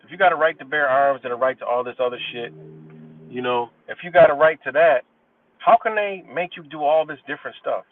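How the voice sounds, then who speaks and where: A man's voice: fairly high pitch, no room sound. A man hosting a livestream, reading legal citations aloud and commenting bluntly, with plenty of cursing. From New York State. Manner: blunt, profane, reads case citations haltingly then rants. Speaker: livestream host. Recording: tinny phone-like sound, distant from the mic, dry.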